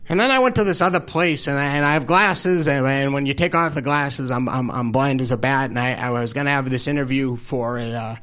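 A man telling a personal story, halting and stammering, openly emotional and self-deprecating. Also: medium pitch, fairly bright tone. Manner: halting, stammers and repeats words. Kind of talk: personal story told live.

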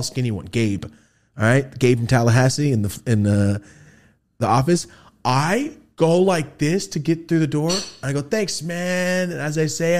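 Casual young male podcast host, animated storyteller, pitch all over the place. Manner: animated, acts out quotes with big pitch jumps and shouts.

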